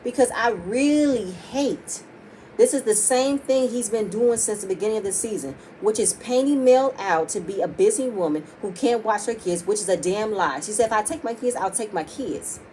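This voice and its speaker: A woman's voice: medium pitch, animated, moderate pace, mellow, a little hiss or hum, poor audio. A woman giving a casual recap of a reality TV episode, heated and profane as she talks straight to her viewers. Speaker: reality show reviewer.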